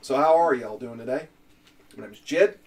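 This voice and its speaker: A man's voice: mid-range voice, normal speed, far from the mic, lightly acted. A man putting on a drawling southern fighter. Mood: folksy. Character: folksy southern male fighter who wants to farm.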